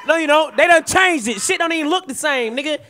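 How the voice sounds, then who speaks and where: A man with a Southern US accent riffing loudly on a comedy podcast, animated and profane, swinging between yelling and mumbling. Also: extremely high pitch, quick pace. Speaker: comedian co-host.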